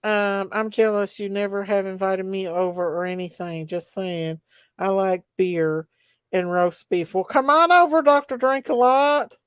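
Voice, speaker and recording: A woman's voice: medium pitch, fairly even intonation, a little slow, smooth, no echo, studio quality. A woman hosting a casual livestream, chatty and emotional as she greets viewers by name. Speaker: livestream host. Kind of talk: casual livestream chat reading comments.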